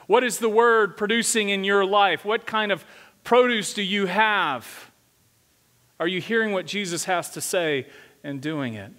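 High-voiced preaching man in a reverberant hall. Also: sharp tone. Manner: conversational preaching, asks the congregation questions. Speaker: senior pastor. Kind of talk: sermon. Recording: long hall reverb from a church sanctuary.

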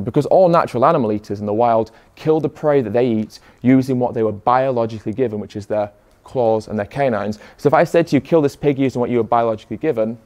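A man's voice: medium pitch, vocal fry, darkish tone. Man giving a rhetorical speech. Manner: rhetorical, questioning the audience. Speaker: activist speaker. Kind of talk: motivational speech to an audience.

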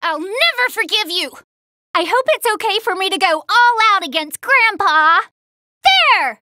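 A woman voicing a spunky, cocky young girl fighter in video game voice lines, brash and boastful with yelled battle cries, recorded close in a studio. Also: expressive, normal speed, dry recording, exaggerated voice. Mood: defiant. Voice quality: high bright girlish voice. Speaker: voice actor. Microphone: close studio mic.

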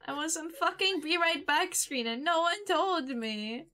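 A woman's voice: extremely high pitch, measured pace, bright, forceful tone. A woman streamer chatting casually while gaming, playful and given to humming nonsense syllables into her mic.

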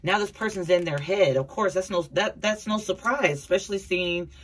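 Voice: mid-range voice, normal speed, a bit bright, husky. An adult tarot reader giving a casual, blunt reading to viewers, repeating points and talking to them as a collective. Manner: chatty, repeats herself, addresses viewers as a collective; blunt, occasional swearing.

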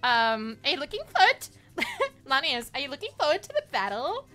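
A woman's voice: sits high, big pitch swings, fairly quick, sharp tone. A young woman from Australia chatting playfully with her chat while streaming a game, giggling often. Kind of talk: casual livestream chat while gaming.

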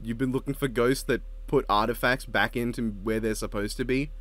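A man's voice: medium pitch, fairly even intonation, brisk, a bit bright, no room sound. A man chatting casually as a co-host, joking, swearing freely and laughing often. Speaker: co-host ranking show intros. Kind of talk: casual podcast chat.

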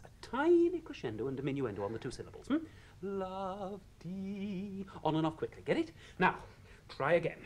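A stern, exacting church choirmaster, snapping and drilling his words. His pitch leaps around, climbing sharply when he loses his temper. A faint hiss sits under the old radio-play recording. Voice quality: barking, blunt, drilling. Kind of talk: 1980s radio drama acting.

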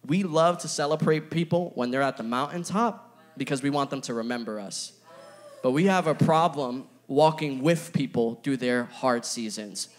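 A man's voice: medium pitch, normal speed. A young man giving a casual, playful youth sermon, chatting with his audience and filling his talk with asides. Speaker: youth pastor.

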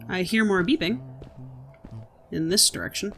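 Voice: medium pitch, expressive, moderate pace, long pauses, a bit bright, soft background music. A gaming video host giving chatty, reactive commentary while playing. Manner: chatty, reactive, exclaims at gameplay. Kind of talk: let's-play commentary.

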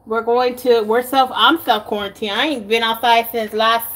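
A woman's voice: on the high side, fairly even intonation, moderate pace, fairly bright tone. Giggly rambling Texan woman vlogger. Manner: giggly, rambling, swears casually. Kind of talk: casual chat. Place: home kitchen.

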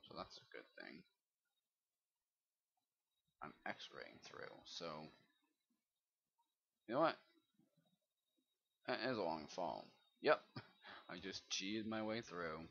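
Guy slowly talking through his game, pitch jumping all over, cussing a lot, muffled lo-fi audio. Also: creaky, breathy edge. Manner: swears often, bursts into loud frustrated outbursts. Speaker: Let's Play gamer. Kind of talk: casual gameplay commentary. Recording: dull lo-fi recording.

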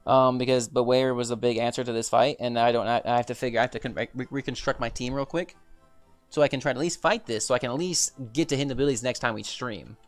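A young man with a smooth, clear voice commentates his game stream in a steady stream of exasperated swearing and repeated exclamations. Soft background music sits faintly under his talk. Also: medium pitch, fast. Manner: frustrated, swearing, repetitive exclamations. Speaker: gaming streamer. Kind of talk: reactive gameplay commentary.

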